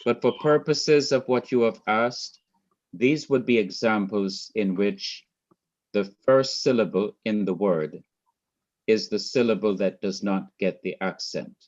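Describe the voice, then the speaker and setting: A man's voice: on the low side, a little slow, darkish tone, lo-fi sound. A man from Jamaica teaching a Hebrew class online, explaining patiently and repeating his points.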